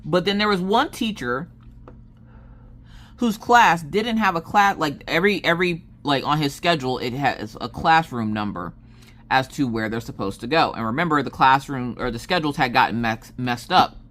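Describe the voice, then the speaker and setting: A woman's voice: low-pitched, animated, normal speed, a bit bright. A woman craft vlogger in a casual chat, telling a rambling story with many fillers and restarts.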